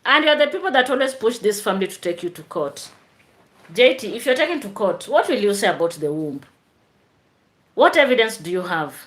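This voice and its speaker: A woman's voice: mid-range voice, big pitch swings, fairly quick, a bit bright. A woman teacher hosting a chatty live stream, tired after work, answering viewer comments.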